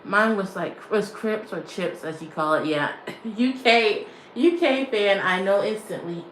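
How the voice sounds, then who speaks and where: A woman's voice: mid-range voice, unhurried, fairly bright tone, echoey room, slight background noise, rough recording. A woman vlogger chatting casually to her stream, rambling and repeating herself, laughing often. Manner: rambling and repetitive, often restating phrases; laughs often while talking. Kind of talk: casual livestream chat.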